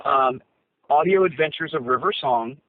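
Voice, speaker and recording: A man's voice: medium pitch, moderate pace, a little hiss or hum. A man co-hosting a casual chat from a parked car, talking through his phone and rambling with many fillers and restarts. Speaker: co-host. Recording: tinny phone line.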